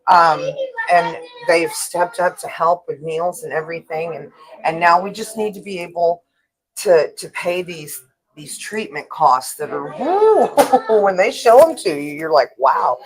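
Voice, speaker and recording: Lady guest on a live show, lower voice, open, laughs easily. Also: lively intonation, unhurried, poor audio. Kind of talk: casual chat. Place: taco restaurant, live show.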